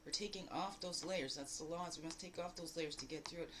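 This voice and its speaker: A woman giving a daily spiritual card reading in a lively, exclamatory way, full of rhetorical questions and repeated phrases. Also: brisk, background noise. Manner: animated, jumping between loud bursts and low asides. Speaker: spiritual guide.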